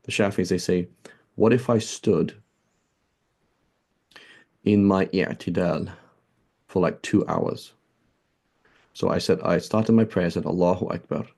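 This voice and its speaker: Deep gravelly man giving a religious lesson. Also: warm tone. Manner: explains with frequent rhetorical "right?" checks; mixes Arabic terms into English. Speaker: Islamic teacher. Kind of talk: conversational religious lecture.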